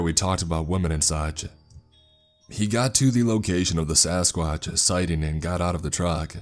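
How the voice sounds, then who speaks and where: A man narrating a creepy story in first person with a steady, matter-of-fact delivery. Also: low voice, normal speed. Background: faint background music.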